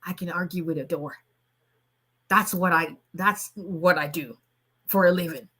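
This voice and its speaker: A middle-aged woman from Nigeria, an immigration lawyer chatting casually on a live stream, fast-talking and animated and laughing often. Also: lowish voice.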